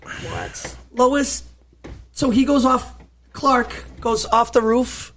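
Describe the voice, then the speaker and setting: This co-host rants through a casual movie chat with a gravelly texture. The voice swoops widely in pitch and jumps into acted-out character lines while telling the story. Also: unhurried, very noisy. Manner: animated, acts out characters mid-story. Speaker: podcast co-host.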